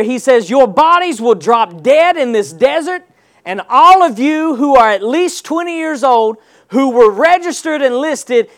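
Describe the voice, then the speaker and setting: A male pastor preaching a sermon, reading scripture and calling on the congregation to answer back. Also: very high voice. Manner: preaching with call-and-response, rising to loud exclamations.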